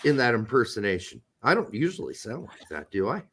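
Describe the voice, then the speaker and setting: A man's voice: medium pitch, big pitch swings, fairly quick, a bit bright, slight background noise. A man hosting a podcast, trading crude, profane jokes and laughing often in casual banter. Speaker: podcast host.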